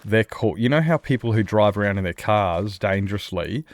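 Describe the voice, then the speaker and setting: Chatty Australian man, low voice. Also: expressive, brisk. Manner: rambling and chatty, laughs often, many restarts. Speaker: streamer. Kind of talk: casual chat with viewers while playing a survival game.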